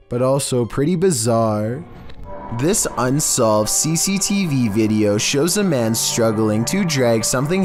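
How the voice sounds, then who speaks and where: A man with a steady, mid-pitched voice reads a spooky countdown script in a flat monotone. His delivery stays even and unhurried throughout, with faint music playing underneath. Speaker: countdown video narrator. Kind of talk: scripted narration. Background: faint background music.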